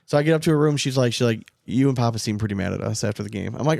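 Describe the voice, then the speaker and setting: A man's voice: medium pitch, very fast, creaky, few pauses, darkish tone, no room sound, studio quality. A man in his thirties, a podcast co-host, telling a long story in a rambling, casual way with lots of "like". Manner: rambling storyteller, heavy use of "like". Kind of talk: casual chat.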